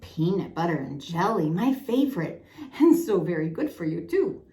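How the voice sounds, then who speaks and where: A woman voicing a timid, tiny young male piglet in a storybook, speaking in a squeaky, fretful voice. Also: very animated, normal speed, warm tone, echoey room. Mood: content.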